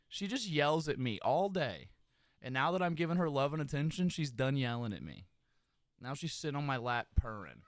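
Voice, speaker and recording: A young man streaming live, chatting casually with his viewers and giving them loud, profane, hyped-up shout-outs. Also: fairly high pitch, big pitch swings, moderate pace, dry recording.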